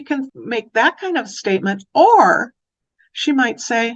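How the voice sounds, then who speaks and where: A woman speaking as an early childhood educator, giving an educational talk that turns animated when she acts out phrases to children. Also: on the high side, takes it slowly, lo-fi sound.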